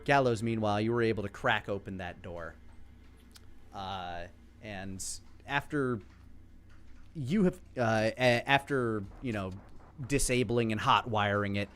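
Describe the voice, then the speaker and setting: Game master narrating a horror one-shot. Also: male voice, fairly low pitch, measured pace, a bit bright, clean tone. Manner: loose narration with fillers and restarts.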